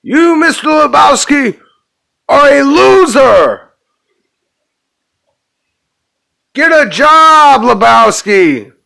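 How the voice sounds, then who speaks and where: A man putting on a high, loud, slow voice as an angry rich old man scolding a slacker from a film. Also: animated, vocal fry, full character voice. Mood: scornful.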